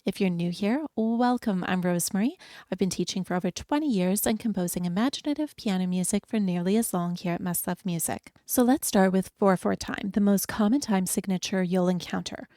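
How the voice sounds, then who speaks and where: A woman piano teacher leads a beginner lesson in a clear, encouraging, step-by-step way. Her voice sits at an ordinary middle pitch. It is recorded close up on a dry mic with no room sound. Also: a little fast, mellow, no room sound. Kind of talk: friendly beginner music lesson.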